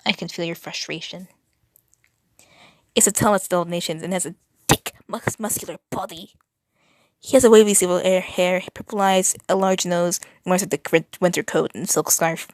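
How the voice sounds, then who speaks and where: A woman's voice: on the low side, steady tone, normal speed, a little mellow, no room sound. A young adult woman reading text aloud, often tripping over words and correcting herself, with exasperated asides. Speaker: video creator.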